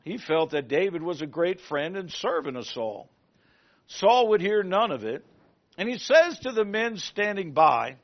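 A man preaching a sermon, retelling a story in an animated way and asking the congregation questions. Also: high-pitched, measured pace. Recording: muffled lo-fi recording.

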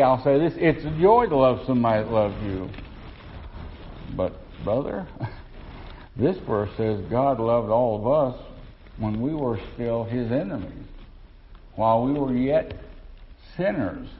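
A man's voice: mid-range voice, phone-quality sound. A male pastor preaching a sermon to his congregation in a church, asking rhetorical questions as he goes.

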